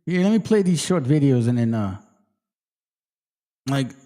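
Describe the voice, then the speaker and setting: A man's voice: mid-range voice, sing-song, unhurried, dark tone. Heated, foul-mouthed man ranting to camera. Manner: heated, swearing, code-switching into Spanish slang. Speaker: channel host. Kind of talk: profane casual rant to viewers.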